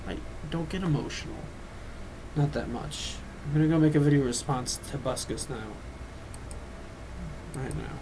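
A man telling a personal story on his vlog, rambling and drifting off into quick asides. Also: medium pitch, slight background noise. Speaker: vlogger.

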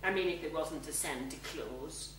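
A man's voice: a little high, normal speed, fairly bright tone, lightly acted. A man playing a wry, theatrical male ghost in a one-man stage show, speaking in a stately way with joking asides. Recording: echoey theatre stage, mic far off, audience noise.

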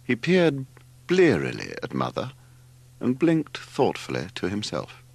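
An older man reading a novel aloud as audiobook narrator, in an expressive storytelling manner. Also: measured pace, gravelly, slightly rough, no room sound. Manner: expressive storytelling, wide swings in pitch. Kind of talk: scripted narration.

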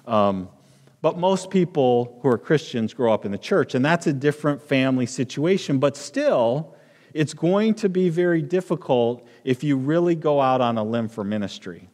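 A middle-aged man preaching a sermon as pastor, conversational and halting, with fillers and restarts. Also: medium pitch, animated, darkish tone. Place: church sanctuary with long reverb. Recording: reverberant church hall.

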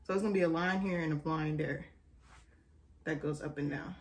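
A young woman vlogging casually to camera at home, rambling and excitable, recorded on a camera mic. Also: low voice, a little fast. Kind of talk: casual vlog chat to camera.

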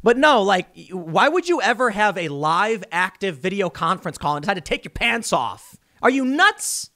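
A man delivers casual political commentary for his vlog, sarcastic and animated. His voice sits high for a man and swings widely in pitch as he rants. He uses plenty of offhand filler. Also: moderate pace. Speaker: host.

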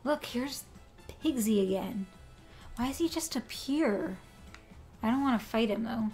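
Young woman streamer talking to herself while she plays, bit of a high voice. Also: moderate pace, soft background music. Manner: chatty, talks to herself while playing. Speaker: streamer playing a video game. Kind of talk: live-stream gameplay commentary.

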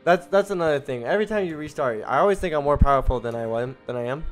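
A fairly high-voiced young man chats his way through a video game stream, rambling from one thought to the next. He bursts into excited exclamations and trips over his own sentences. Faint game music plays underneath his voice. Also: fast. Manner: chatty and rambling, with excited exclamations and self-interruptions. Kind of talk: casual gameplay commentary.

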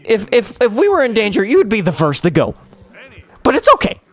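A young man plays through a cowboy game with a friend, his voice high and lively. He jokes, laughs often and reads the game's prompts out loud in loose let's-play chatter. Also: fast talker. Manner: playful, giggly, lively, reads prompts aloud. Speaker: gameplay streamer. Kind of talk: casual let's-play commentary.

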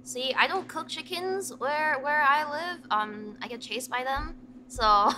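A woman with a bright, clear tone and a slightly high voice, chatting casually as a stream guest. She hedges what she says and laughs at herself often. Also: measured pace, a little hiss or hum. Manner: self-deprecating, hedging and laughing easily. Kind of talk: casual chat.

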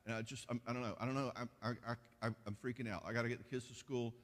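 A man acting out a flustered young wife who panics over a flat tire, stammering and repeating herself. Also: mid-range voice, racing, close to an everyday voice. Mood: panicked. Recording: echoey hall reverb.

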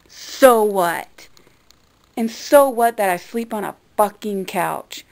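A woman's voice: mid-range voice, darkish tone. A young woman vlogger talking bluntly and defensively, swearing freely in a casual rant. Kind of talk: casual ranting vlog.

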